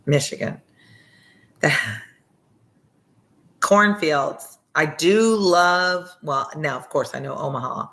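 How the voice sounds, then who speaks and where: A woman's voice: sits low, fairly bright tone. A woman with a Southern accent, a former teacher hosting a reading channel, chatting casually and sincerely with viewers and answering their comments. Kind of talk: casual livestream chat with viewers.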